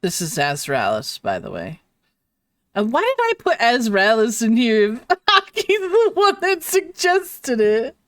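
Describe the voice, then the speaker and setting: Giggly woman streamer, slow and dry. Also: a little high, huge pitch swings, no echo. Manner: giggly, apologetic, chatting with viewers while drawing. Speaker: livestreamer drawing on stream. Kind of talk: casual livestream chat.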